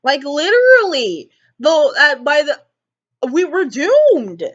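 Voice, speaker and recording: A woman's voice: high-pitched, very animated, slow pace, muffled recording. A woman vlogger rambling emotionally about a film she just saw, repeating herself often. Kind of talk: casual movie reaction ramble.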